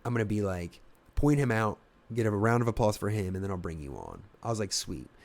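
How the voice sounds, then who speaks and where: A young adult stand-up comedian from Ohio, US, tells a casual, profane story on a podcast, swearing and acting out voices with animation. His voice is gravelly, fairly low, and fairly quick.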